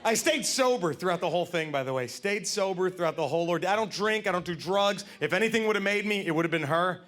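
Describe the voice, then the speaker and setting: A man performing a stand-up comedy set, telling confessional stories and jumping into loud character voices. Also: sits high, animated, fast.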